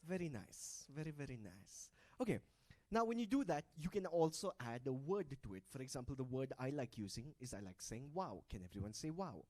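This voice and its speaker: On stage with a handheld mic, an event host with a medium-pitched, darkish voice speaks a little fast and very animatedly. He playfully teases the live audience and coaxes them into group activities.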